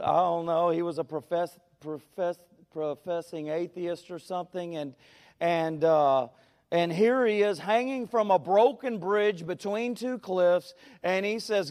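A man's voice: sits high, in a large hall. A man preaching a sermon in a folksy, storytelling way, drawing out key words. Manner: folksy, tells stories, stretches key words.

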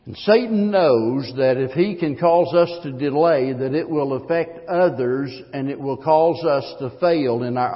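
Preaching man in an echoing hall. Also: medium pitch. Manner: emphatic preaching with swells in volume. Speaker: pastor. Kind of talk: sermon. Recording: muffled long-reverb hall recording.

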